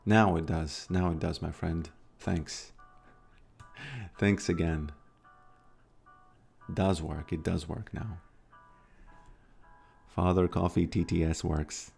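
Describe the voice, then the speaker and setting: A man's voice: low voice, steady tone, slow pace, creaky, long pauses, a little mellow, faint music behind. A man chatting casually on a live stream, rambling and hesitant with many restarts.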